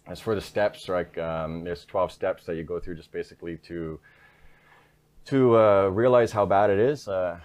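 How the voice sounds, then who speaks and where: A man with a very deep voice speaks frankly as an interview guest. His delivery stays level and even, with little rise or fall. He tells his story conversationally and ends many of his sentences with a quick "right?". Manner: frank, repeats "right?" tags.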